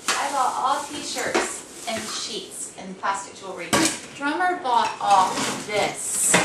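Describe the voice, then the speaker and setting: A woman chatting casually to camera at home, rambling and self-deprecating as she jumps from one thought to the next. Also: mid-range voice. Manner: quirky, meandering, self-deprecating. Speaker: vlogger. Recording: echoey room, distant mic, noisy background.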